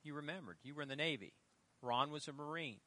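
A middle-aged male pastor preaching a sermon, telling stories with loud emphatic lines and quiet asides. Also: fairly high pitch, fast, no room sound. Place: church.

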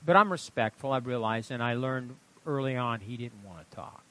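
A man preaching a sermon in an impassioned storytelling manner, swinging from loud outbursts to hushed asides. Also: medium pitch, expressive, normal speed. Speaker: pastor.

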